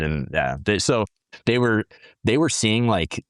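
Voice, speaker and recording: A man's voice: fairly low pitch, lively intonation, unhurried, clear, resonant tone, no echo. A man, a former Navy corpsman guest, telling stories casually in blunt, profane talk. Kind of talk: casual storytelling.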